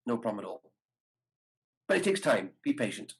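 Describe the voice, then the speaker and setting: Teaching brass over a video call, a man demonstrates practice syllables aloud while patiently walking through tonguing technique. He speaks at a normal speed in a medium-pitched, gravelly voice with big pitch swings, against a noisy background.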